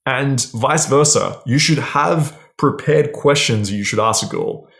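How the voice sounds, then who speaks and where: A man's voice: mid-range voice, unhurried, vocal fry, a bit bright. A man giving casual, blunt dating advice straight to camera, swearing freely and often checking in with "right?". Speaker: dating coach.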